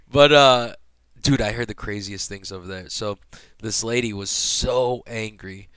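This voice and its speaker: A young man casually telling a hospital story, profane and animated, acting out the people he quotes. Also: on the low side, takes it slowly, long pauses, clear, resonant tone, no room sound.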